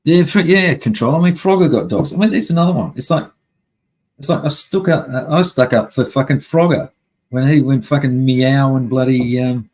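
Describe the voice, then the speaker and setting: Male streamer, husky, blunt and profane, venting to chat. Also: medium pitch, moderate pace, a little mellow, low-quality recording. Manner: heavy swearing, angry and blunt. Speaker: live stream host. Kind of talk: casual live-stream rant.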